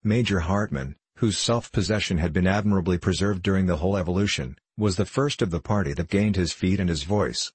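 A male narrator reading a classic novel aloud in a measured, even way. His voice is low and husky, and the recording is dry and close with no room sound. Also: dry recording. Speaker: audiobook narrator.

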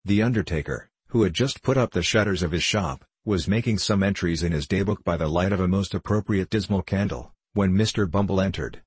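A deep-voiced man reads a classic novel aloud in a measured audiobook style. His voice is husky, and the recording is close and dry. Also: no room sound. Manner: measured, even reading. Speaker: narrator.

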